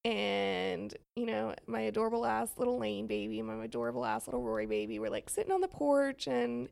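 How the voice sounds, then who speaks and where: Podcast co-host, young woman, heavy vocal fry, lively storyteller who laughs a lot. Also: medium pitch, fairly quick. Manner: animated storytelling, laughs often. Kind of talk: casual chat.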